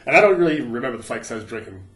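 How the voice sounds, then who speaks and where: A man's voice: medium pitch, very animated, racing, echoey room. A man telling profane stories as a podcast guest, laughing often as he talks. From Canada. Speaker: podcast guest, former fighter and prison guard. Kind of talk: casual storytelling.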